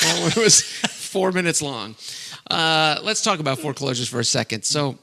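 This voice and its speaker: A man's voice: a little high, lively intonation, normal speed, creaky, very noisy. A middle-aged man hosting a casual podcast, upbeat and rambling, laughing often between filler words. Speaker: podcast host.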